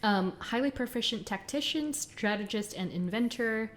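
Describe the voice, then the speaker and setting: A woman co-hosting a podcast in casual chat, chatty and quick to laugh as she runs through details. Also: fairly high pitch, lively intonation, slight background noise. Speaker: podcast co-host.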